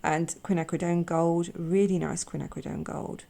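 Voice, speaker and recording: A woman hosting an art channel, chatting casually with a croaky voice, gushing and halting with repeated words. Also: lowish voice, little pitch movement, warm tone. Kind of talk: casual chat.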